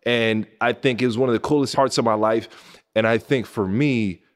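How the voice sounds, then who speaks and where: A man in his thirties from Pasadena, hosting a podcast and telling a story animatedly, swinging between hushed asides and excited outbursts. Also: medium pitch, normal speed. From Pasadena, California. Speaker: podcast host.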